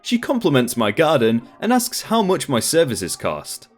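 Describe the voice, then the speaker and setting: A man hosting a storytime channel, reading online stories aloud in a lively, expressive scripted narration. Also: medium pitch, normal speed, faint music behind.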